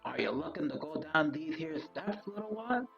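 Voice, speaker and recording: A man's voice: fairly high pitch, expressive, normal speed, gravelly, highs cut off, over music. A man voicing bloodthirsty hallway monsters in a put-on Scottish accent, wheedling and menacing. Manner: hissing, wheedling, then shouting demands.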